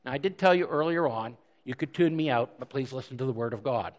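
A man preaching a sermon as pastor, conversational and animated, with frequent restarts and self-deprecating asides. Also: mid-range voice, fast. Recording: long hall reverb.

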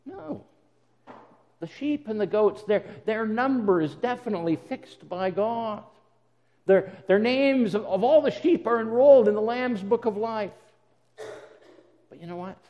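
A man's voice: high voice, animated, a little slow, pauses often, big-room sound, muffled recording. A man preaching a sermon in an earnest way, often repeating words as he goes and voicing the words of God and Jesus. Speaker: pastor.

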